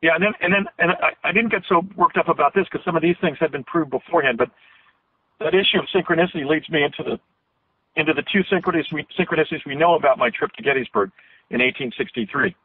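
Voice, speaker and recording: A man's voice: a little high, fast talker, husky. A man in his fifties, an interview guest telling a long story in an earnest, rambling way with many restarts, heard over a phone line. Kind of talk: earnest storytelling on a call-in radio show. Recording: tinny phone line, dry.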